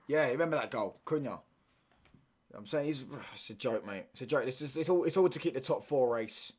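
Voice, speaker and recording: This is a man, hosting a live football watchalong at an ordinary, middling pitch. He rants in thick slang and loops back on the same phrases again and again. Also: lively intonation, fast talker, a little mellow. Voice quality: heavy slang, repeats himself, ranting. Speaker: watchalong streamer.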